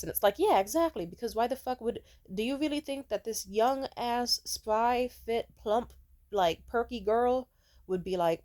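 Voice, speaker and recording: A woman's voice: medium pitch, moderate pace, gravelly, a little mellow. A young woman telling dating stories in a casual rant, blunt, profane and sarcastic, mocking people in put-on voices. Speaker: storyteller vlogger. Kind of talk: casual ranting storytime.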